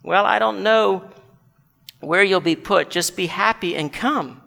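Patient heavenly man as a preacher puts him on, high gravelly voice, echoing hall. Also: a little slow, full character voice. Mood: gentle. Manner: patient, gently persuasive. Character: calm, kindly heavenly man. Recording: long hall reverb.

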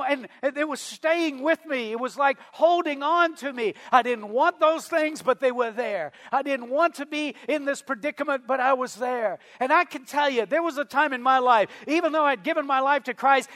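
Man, pastor, sermon, very high voice, emphatic, slows to stress phrases, long hall reverb. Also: pushed and bright. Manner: emphatic preaching, slowing down for stressed phrases and quoting scripture.

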